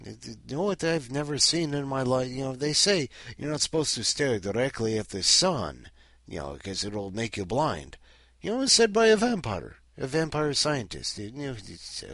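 A man's voice: medium pitch, big pitch swings, normal speed, fairly bright tone, no room sound. A man hosting in character as Count Dracula, rambling and joking with lots of fillers. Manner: rambling, jokey, full of fillers. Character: Count Dracula, male vampire host, rambling and punning. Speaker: host.

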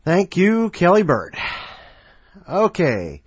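A man's voice: sits high, wildly swooping pitch, slow, husky, no room sound. A man hosting a casual podcast, introducing contributors in a rambling, playful, self-mocking way. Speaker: podcast host. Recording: dry, slightly muffled home recording.

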